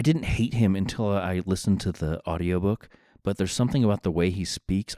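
Low-voiced man musing aloud, dry. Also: brisk, mellow, no echo. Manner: thinking aloud, conversational and wry. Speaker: podcast host. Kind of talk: casual solo book commentary.

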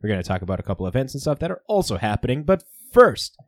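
A man's voice: mid-range voice, very fast, dry recording. Guy hosting a chatty podcast, voice jumps up and down a lot, dry close mic. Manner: lively, swears and laughs often. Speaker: podcast host. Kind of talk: casual chat.

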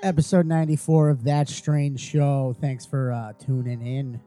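A man's voice: mid-range voice, fairly even intonation, unhurried, dark tone, no room sound, faint music behind. A man co-hosting a horror podcast in casual, rambling chat with many fillers. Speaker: podcast co-host.

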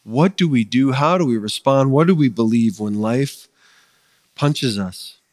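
A man's voice: mid-range voice, expressive, a little slow, darkish tone, dry recording, in a large hall. A man preaching a sermon as pastor, earnest and conversational, building his points with emphatic rising lists. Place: church sanctuary.

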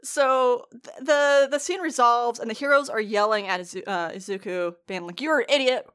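An animated woman from the United States talks in a loose, casual chat, laughing often and swearing freely. Her voice sits a little high. She speaks in lively bursts. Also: moderate pace, smooth. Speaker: podcast co-host reacting to an anime.

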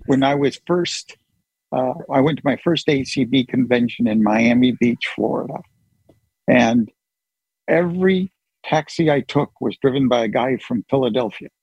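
A man's voice: mid-range voice, moderate pace, darkish tone, husky, dry recording, highs cut off. A man hosting a group call, chatting casually and joking at his own expense. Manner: chatty, joking, self-deprecating. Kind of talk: casual chat.

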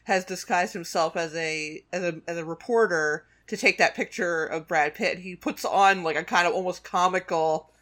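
A man's voice: sits high, normal speed, hardly any pauses, bright, forceful tone. A man co-hosting a podcast, talking casually and animatedly about a film, with many restarts and fillers. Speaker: podcast co-host.

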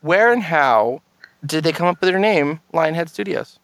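A man's voice: fairly high pitch, lively intonation, moderate pace, fairly bright tone, dry recording. A man hosting a casual gaming podcast, playful and rambling, full of fillers and restarts. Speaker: podcast host.

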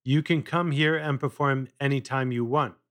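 A man voicing a polite, determined young boy who speaks calmly. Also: mid-range voice, moderate pace, natural voice. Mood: polite, firm. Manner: polite, calm.

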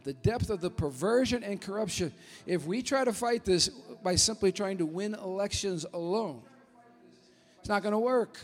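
A male pastor preaching a fervent, emphatic sermon and rising to shouts at times. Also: high-pitched, big-room sound.

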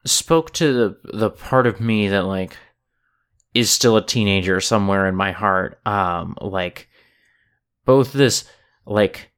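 A podcast co-host in casual chat, talking hesitantly with many fillers and pauses. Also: deep voice, clear, resonant tone.

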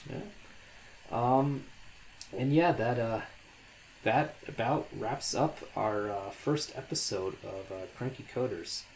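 A man's voice: mid-range voice, slow pace, a little mellow, a little hiss or hum. Young man chatting with many ums. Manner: hesitant, many fillers and restarts. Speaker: podcast co-host. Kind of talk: casual podcast chat.

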